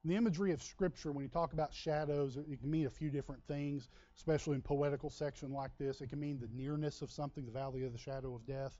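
A man's voice: on the high side, fairly even intonation, fast talker, hardly any pauses, dark tone, lo-fi sound. A man from Texas with a Texan drawl, preaching a sermon in a folksy, conversational way with asides to the congregation. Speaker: pastor.

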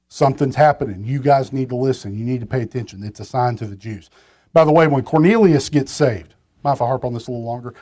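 A man's voice: mid-range voice, a little mellow. A man preaching a sermon from a pulpit, talking in a conversational way with restarts and side remarks to the congregation. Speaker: pastor.

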